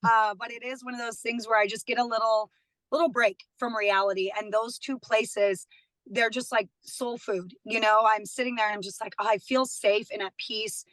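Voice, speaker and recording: A woman in her thirties chats casually as a guest, her voice bright and a touch high. She tells stories freely and laughs often. The studio sound is dry and close. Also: fairly even intonation, moderate pace, dry recording, poor audio. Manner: chatty, warm, laughs often. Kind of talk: casual chat.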